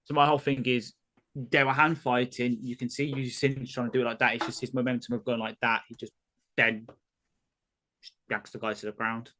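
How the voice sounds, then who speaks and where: A man from England co-hosting a live football reaction stream. He talks through plays with halting restarts and makes dry asides. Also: mid-range voice, little pitch movement, pushed and bright. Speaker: co-host and analyst.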